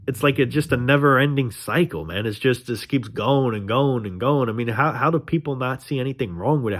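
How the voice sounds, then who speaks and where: A young man ranting in a casual vlog monologue, frustrated and profane, rambling with restarts. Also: medium pitch. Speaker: vlogger.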